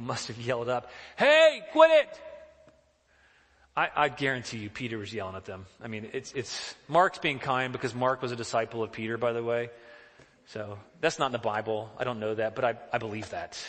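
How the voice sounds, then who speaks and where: A male pastor preaching in an earnest, emphatic manner, often posing questions to his listeners. His voice is bright and clear, at a middle pitch. It carries through a church hall with a long echo. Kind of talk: sermon.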